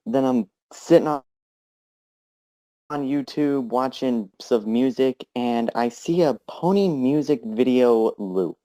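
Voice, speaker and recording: A man in a casual group voice chat telling how he became a fan, relaxed, with fillers, acting out his own thoughts. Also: medium pitch, slow pace. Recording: voice chat over headset mic.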